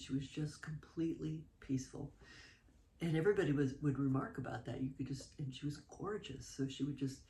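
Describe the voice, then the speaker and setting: A mother telling animated stories about her children in a casual interview, laughing often. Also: low-pitched. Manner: animated, laughing, with fillers and asides. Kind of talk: casual spoken storytelling.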